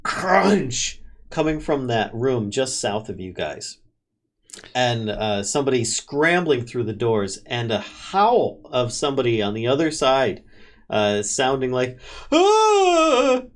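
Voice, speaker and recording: A man narrating a tabletop game as its game master, voice sitting at an ordinary middle pitch. He laughs often and trips over his words as he describes the scene. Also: expressive, a little slow.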